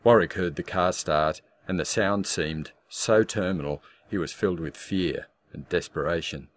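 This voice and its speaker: A man in scripted audiobook narration with a measured, darkly wry storytelling manner. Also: low-pitched.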